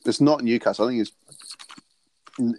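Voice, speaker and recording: A man's voice: medium pitch, normal speed, darkish tone, a little hiss or hum. A man co-hosting a podcast, chatting casually and telling rambling, jokey stories with frequent laughs. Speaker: podcast co-host. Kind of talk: casual chat.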